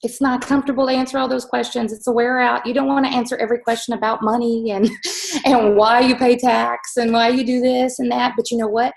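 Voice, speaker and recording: A woman co-hosting a business talk, who tells stories to the audience in an animated, chatty way full of fillers. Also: on the high side, brisk, creaky, rough recording. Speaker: host. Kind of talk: storytelling to an audience.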